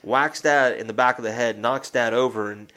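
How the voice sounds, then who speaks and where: A man's voice: mid-range voice, normal speed, sharp tone. A man in casual chat, retelling a film scene by scene through quoted lines, with a rambling, profane way of talking.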